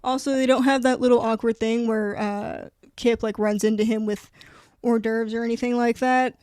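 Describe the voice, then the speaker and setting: A young woman chatting casually about a book, rambling, animated and swearing freely. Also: fairly high pitch, moderate pace, clear, resonant tone, dry recording. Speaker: book reviewer. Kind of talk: casual chat.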